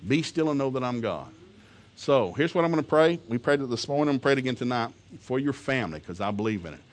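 A man preaches a sermon to a congregation in a homespun, emphatic voice. He chuckles between lines, then climbs to loud, fervent peaks whenever he quotes scripture. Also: mid-range voice, expressive, quick pace. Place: church service before a congregation.

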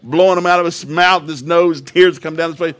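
An older man, preaching and telling a humorous family story in a folksy way that swings from low asides to loud outbursts. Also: steady tone, brisk.

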